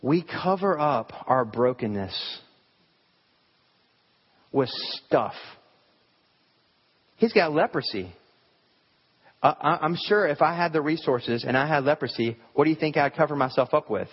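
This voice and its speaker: A man's voice: fairly high pitch, expressive, a little slow, pauses often, breathy edge. A man preaching a sermon in a church, talking conversationally and asking the congregation rhetorical questions. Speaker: pastor. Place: church sanctuary. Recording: hall reverb, dull lo-fi sound.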